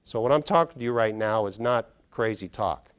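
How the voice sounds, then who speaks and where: Animated middle-aged man giving a keynote. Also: on the low side, fairly quick, clean tone. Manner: animated, quizzes the audience, acts out scenes. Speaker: neuropsychologist speaker. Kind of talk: conference keynote talk. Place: large conference hall.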